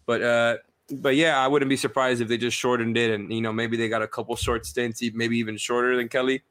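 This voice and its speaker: A man's voice: mid-range voice, level tone, brisk, a bit bright, no echo. A man co-hosting a casual sports podcast, analyzing tactics with frequent restarts. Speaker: podcast co-host.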